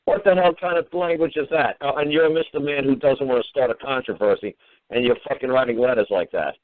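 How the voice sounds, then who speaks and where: A man's voice: mid-range voice, fairly quick, no room sound. Cussing radio guy chewing out a caller, sarcastic, sounds like a phone line. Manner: profane, scolding, sarcastic. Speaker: host. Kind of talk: heated call-in talk. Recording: phone-quality radio audio.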